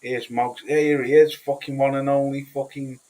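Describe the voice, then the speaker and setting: A man's voice: medium pitch, little pitch movement, moderate pace, mellow, poor audio. A man with a Cheshire English accent, hosting a livestream and chatting casually with viewers in a blunt, sweary, rambling way full of restarts. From Cheshire, England. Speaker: livestream host. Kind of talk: casual livestream chat reading comments.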